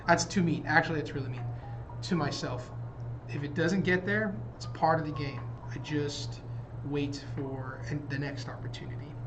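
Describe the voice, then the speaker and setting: Man thinking aloud on a live stream. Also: fairly high pitch. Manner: thinking aloud, talking himself through emotions. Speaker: trading livestream host. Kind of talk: casual live commentary. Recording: dull lo-fi stream audio with faint music.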